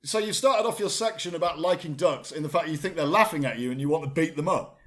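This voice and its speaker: A man, co-hosting a comedy podcast, excitable and animated, often stumbling over repeated words. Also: on the high side, quick pace. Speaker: co-host.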